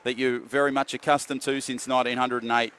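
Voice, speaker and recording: Bright-voiced sports commentator. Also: male voice. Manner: rapid excited play calling, builds in pitch. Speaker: play-by-play commentator.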